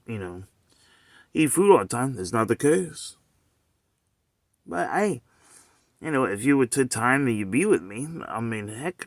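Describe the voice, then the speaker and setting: A man's voice: medium pitch, dry recording. Guy rambling to his phone, keeps asking who am i talking about, dry close sound. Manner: rambling, circling back with rhetorical questions; loose and conversational, heavy on "you know what I'm saying". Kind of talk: rambling monologue to camera.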